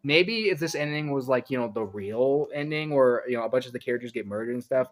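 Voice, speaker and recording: A man's voice: mid-range voice, quick pace, rough recording. Rambling young man reviewing casually. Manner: rambling and chatty, trailing off into tangents. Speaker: YouTube reviewer. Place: his own room at home.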